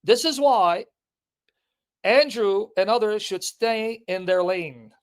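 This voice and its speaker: Emphatic speaker, repeats points, talks straight to the audience, medium pitch. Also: slow pace, smooth. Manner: emphatic, repetitive, insistent, addressing the audience directly.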